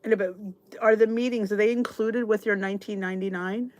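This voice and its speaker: Her mid-range voice is steady and darkish, moving fairly quickly. This middle-aged channel host from the United States responds to viewer comments during a casual live chat, sounding chatty and exasperated, with frequent restarts.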